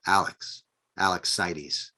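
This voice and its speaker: A wary, unsure Anglo man who answers in short, careful replies, as a man reads him. The voice is low and plain, close to the reader's own, in a spoken novel reading. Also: fairly even intonation, takes it slowly, pushed and bright, exaggerated voice. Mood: cautious. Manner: cautious, hesitant.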